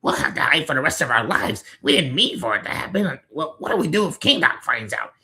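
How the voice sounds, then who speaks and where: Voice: medium pitch, sing-song, brisk, pushed and bright, husky, full character voice. An actor voicing squabbling, cowardly rat creatures in a video game, whiny and bickering. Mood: anxious. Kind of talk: video game character dialogue.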